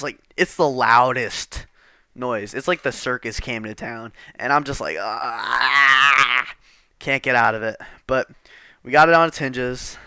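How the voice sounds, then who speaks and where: A man's voice: mid-range voice, pushed and bright, clear, resonant tone, dry recording, clean studio sound. A man telling a rambling, profane storytime, exasperated and casual.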